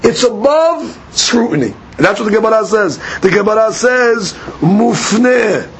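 High-voiced man teaching a study class. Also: sing-song, moderate pace, slight background noise. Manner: explanatory, poses and answers his own questions.

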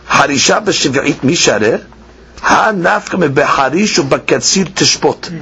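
A man teaching a Talmud lesson, chanting the text in a sing-song and then explaining it quickly, asking and answering his own questions. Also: fairly high pitch, animated, pushed and bright, a little hiss or hum. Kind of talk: Talmud lecture. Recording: dull lo-fi podcast recording with faint ambience.

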